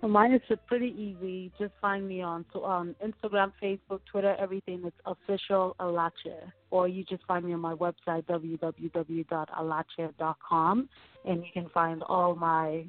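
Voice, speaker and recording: A woman's voice: on the low side, level tone, moderate pace, no room sound. A playful, upbeat woman with a Nigerian accent speaks as a radio guest. The line is thin and tinny like a phone call, and the sound is close and dry with no room around it. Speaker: guest recording artist. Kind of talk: casual radio interview.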